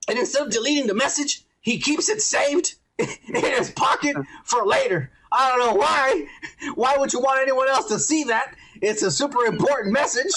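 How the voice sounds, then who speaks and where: A man's voice: very high voice, moderate pace, fairly bright tone, rough recording. A podcast host, a man, ranting and swearing through a casual review chat while drinking, laughing often.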